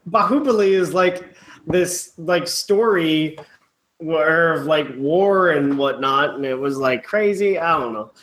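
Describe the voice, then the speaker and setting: Man, slightly high pitch, casual joking chat, filler-heavy. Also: takes it slowly, a bit bright, a little hiss or hum. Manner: loose, joking, heavy use of "like".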